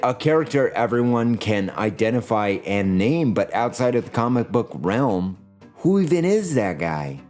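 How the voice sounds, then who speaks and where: A man narrating a scripted video essay in a sardonic, jokey way, with his pitch swinging up and down. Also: sing-song, normal speed, a little mellow, soft background music.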